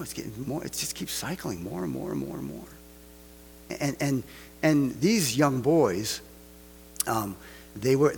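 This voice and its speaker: A man's voice: medium pitch, slightly rough, long reverb tail. A man preaching a casual sermon, full of rhetorical questions and joking asides. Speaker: pastor.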